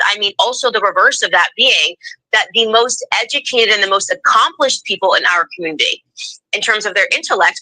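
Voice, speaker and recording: Bright-voiced woman talking politics, emphatic, super dry close sound. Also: mid-range voice, dry recording, low-quality recording. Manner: emphatic, mimics voices in quotes. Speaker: political commentator. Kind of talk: interview answer, played clip.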